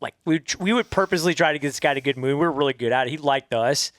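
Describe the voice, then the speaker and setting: A man's voice: fairly high pitch, rapid-fire, fairly bright tone, no room sound, clean studio sound. A man hosting a podcast, chiming in casually and swearing freely. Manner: laughing along, chiming in, profane. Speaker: podcast host. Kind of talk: casual chat.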